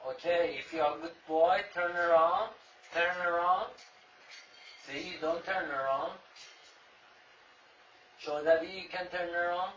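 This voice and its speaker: High-voiced man coaxing his pet bird. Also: steady tone, a little slow, pauses often. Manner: coaxing, teasing, repetitive baby-talk. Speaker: pet owner talking to his cockatoo. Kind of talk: playful talk to a pet bird. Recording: echoey, distant, dull, with loud noise.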